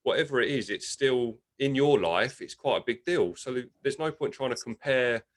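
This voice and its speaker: A man's voice: mid-range voice, normal speed. A young man hosting a casual interview, chatty and often restarting his words. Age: young adult. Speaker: host.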